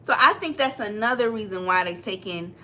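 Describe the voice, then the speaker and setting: A woman from Atlanta co-hosts a casual chat show. She reads viewer comments aloud with animated energy, repeating phrases for emphasis. Her pitch sits in the middle of the range. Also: a little fast, a crowd in the background. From Atlanta, Georgia, US. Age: 50s. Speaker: co-host, mother.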